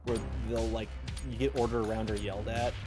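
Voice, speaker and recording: A man's voice: fairly low pitch, level tone, fairly quick. A man streaming a game, chatting casually in a rambling, stumbling way. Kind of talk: casual chat while gaming. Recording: loud game music and gunfire behind.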